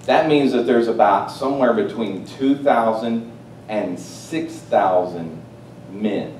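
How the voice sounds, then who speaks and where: A man preaching a sermon, swinging between loud, excited exclamations and hushed, quiet asides. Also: slow. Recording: roomy, distant mic with faint rumble.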